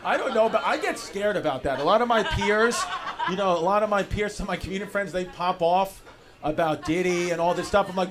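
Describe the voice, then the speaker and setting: Profane, laughing young comedian on stage. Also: male voice, sits high, animated, quick pace. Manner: loose, profane, laughing riffs. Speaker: stand-up comedian. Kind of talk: stand-up crowd work. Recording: noisy live club recording.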